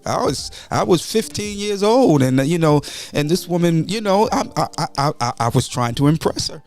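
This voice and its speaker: A man's voice: medium pitch, gravelly. A man, hosting a casual morning show and greeting viewers by name. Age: 40s. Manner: animated, shouts out viewers by name. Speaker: host and pastor.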